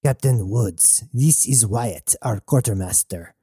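A man voicing a stern, gruff female officer who is wounded. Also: mid-range voice, slow pace, warm tone, no echo, studio quality. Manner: gruff, commanding.

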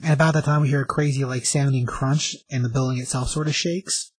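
A man rambling through a comic book recap, stacking up fillers and restarting his sentences. His voice is husky and a little rough. The sound is dry and close, with no room echo. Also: mid-range voice, steady tone, brisk.

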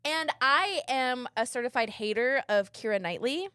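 A young woman co-hosting a podcast in casual chat, blunt and quick to laugh, swearing often. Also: high-pitched, lively intonation, sharp tone, clean tone, no room sound, studio quality. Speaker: podcast co-host.

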